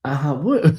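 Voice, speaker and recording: A man's voice: on the high side, darkish tone. A man hosting a casual late-night livestream in a chatty, drawling way, reading viewer comments aloud and talking to the audience as "y'all". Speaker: livestream host.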